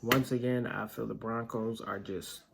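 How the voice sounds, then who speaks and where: A man's voice: lowish voice, steady tone, moderate pace, gravelly, a crowd in the background. A man hosting a casual sports picks vlog, blunt and opinionated, with plenty of filler words. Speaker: vlog host.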